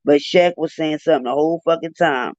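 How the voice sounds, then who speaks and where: A man's voice: a little high, fast, a little mellow, no room sound. A man giving heated, profane live commentary, ranting in an exasperated way on a livestream. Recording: dull lo-fi dry livestream audio.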